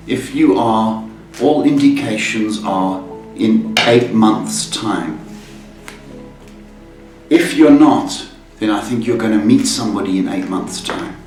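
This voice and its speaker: Slow, teasing man with roomy distant sound. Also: mid-range voice. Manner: cheeky, teasing banter. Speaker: psychic tarot reader, host. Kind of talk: live call-in reading show. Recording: roomy echo, far from mic, music behind.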